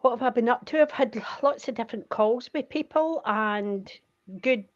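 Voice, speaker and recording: An older Scottish woman, retired career coach, chatting and telling stories as a guest on a video call. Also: fairly high pitch. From Scotland. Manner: chatty, storytelling, quick to laugh. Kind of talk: casual chat on a video call. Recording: muffled lo-fi video call audio.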